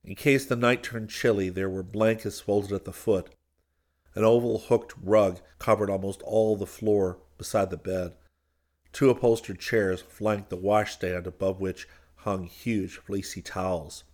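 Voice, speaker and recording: A man reading a story aloud as an audiobook narrator, in a measured, even storytelling manner. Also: on the low side. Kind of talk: scripted narration.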